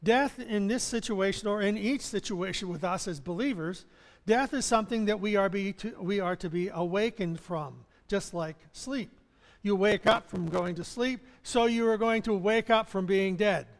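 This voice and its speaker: Male pastor, conversational sermon delivery, higher voice, recorded in a reverberant hall. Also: normal speed. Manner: conversational preaching with chuckles and restarts.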